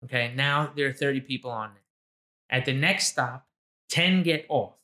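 A man's voice: medium pitch, moderate pace, sharp tone. A man running a casual trivia quiz with a friend, playful and teasing, laughing often. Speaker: trivia quizmaster. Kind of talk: casual chat.

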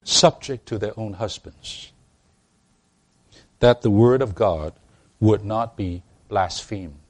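A man's voice: fairly low pitch, slow pace, a little mellow. A man preaching a sermon to a congregation, emphatic, often restarting his words and asking them rhetorical questions. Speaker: pastor.

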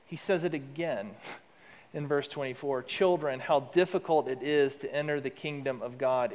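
A man preaching a sermon as pastor, rising to emphatic lines and dropping to soft, low asides. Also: big-room sound.

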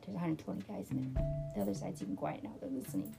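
Blunt, gravelly-voiced female ex-corrections officer in her fifties, telling animated stories casually. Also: on the low side, racing. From US East Coast. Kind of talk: casual storytelling interview. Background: guitar music.

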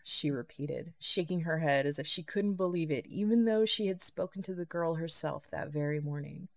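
A woman narrating a novel as an audiobook, steady and even. Her voice is low and gravelly throughout. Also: a little slow. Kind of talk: scripted narration.

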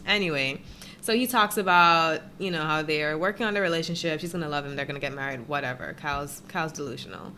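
A woman's voice: low-pitched, quick pace, bright, forceful tone, slight background noise. A woman co-hosting a podcast, recapping a reality show in a teasing, giggly, mock-exasperated casual chat. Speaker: podcast co-host.

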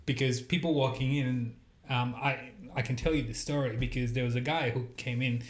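A man's voice: medium pitch, fairly even intonation, normal speed. A man who makes pizza telling a personal story in casual chat, earnest and hesitant, with many ums. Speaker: pizza maker guest. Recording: roomy echo.

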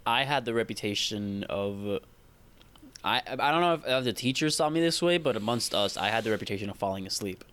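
A man's voice: on the low side, lively intonation, a little fast, fairly bright tone, clean tone. A young man in casual chat who rambles and restarts his sentences often. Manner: rambling, hesitant, many restarts. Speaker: podcast co-host.

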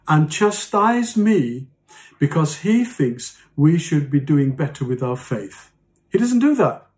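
A man preaching a sermon as pastor, slow and earnest, dropping soft and low on key phrases. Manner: slow, earnest preaching with mocking quoted voices.

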